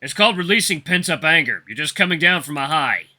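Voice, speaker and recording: A man voicing a gruff, menacing male wolf butcher who snarls and scolds harshly. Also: a little high, lively intonation, fast talker, sharp tone, pitched above the performer's own voice, heavily acted. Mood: gruff lecturing.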